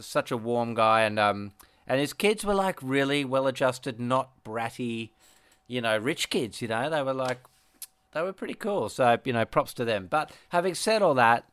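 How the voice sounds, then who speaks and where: A middle-aged man with a smooth, resonant voice, talking in a dry, close-up sound. He rambles through his stories and keeps restarting his sentences. He laughs easily as he chats. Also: medium pitch, fairly bright tone, dry recording. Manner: rambling storyteller, laughs often, many restarts. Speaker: podcast co-host, musician. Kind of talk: casual chat.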